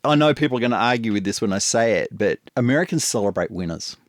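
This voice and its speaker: A man's voice: mid-range voice, fast talker, no echo, studio quality. A man from Australia with an Australian accent, hosting a casual podcast chat and telling stories with acted-out reactions. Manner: animated storyteller, acts out his own reactions. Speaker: podcast host.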